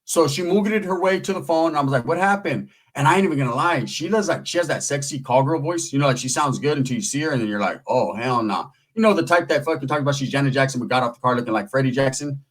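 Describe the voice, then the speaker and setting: A man's voice: medium pitch, rapid-fire, few pauses, poor audio. A man hosting his own channel, telling a story in a slangy, playful, rhythmic way. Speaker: channel host. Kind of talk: casual storytelling commentary.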